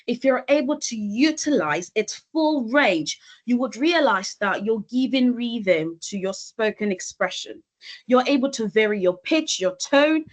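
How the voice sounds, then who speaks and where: Emphatic woman coaching on a video call. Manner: deliberate, emphatic, with lively pitch shifts. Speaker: elocution coach. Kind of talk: online presentation.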